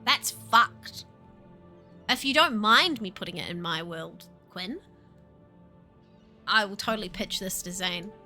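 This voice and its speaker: A young woman chatting casually on a livestream, animated, laughing often and swearing. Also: medium pitch, slow, long pauses, faint music behind. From New Zealand. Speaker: streamer.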